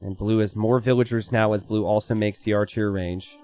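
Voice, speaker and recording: A man's voice: lowish voice, normal speed. A young man commentating a strategy game in a chatty, casual way, telling a personal story between plays. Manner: animated, chatty, lots of "like" and "right?".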